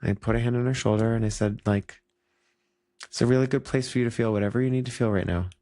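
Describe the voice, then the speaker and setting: A man's voice: medium pitch, fairly even intonation, fast talker, mellow, dry recording, studio quality. A man who teaches yoga, chatting casually and reflectively, full of "like" fillers and restarts. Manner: rambling, many "like" fillers and restarts. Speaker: yoga teacher and podcast co-host.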